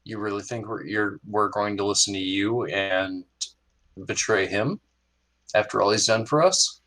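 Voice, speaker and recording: A man's voice: lowish voice, unhurried, a bit bright, low-quality recording. A man voicing a loyal pirate first mate who talks bluntly and makes threats. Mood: stern.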